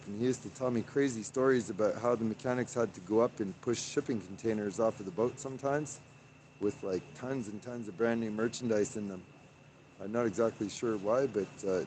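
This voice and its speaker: Male livestreamer, mid-pitched, casual and rambling, streaming outdoors in the street. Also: darkish tone, a little hiss or hum. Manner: rambling, with frequent "uh" fillers. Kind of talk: casual live stream, reading chat aloud.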